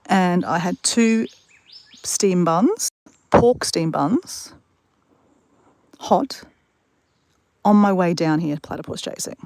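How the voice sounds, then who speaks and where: A woman's voice: lowish voice, slow pace, long pauses, darkish tone, no room sound. Chatty woman vlogging outdoors. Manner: chatty, rambling storyteller talking straight to viewers. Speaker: vlogger live-streaming to a chat audience. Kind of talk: casual live-stream chat. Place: outdoors in the bush beside water.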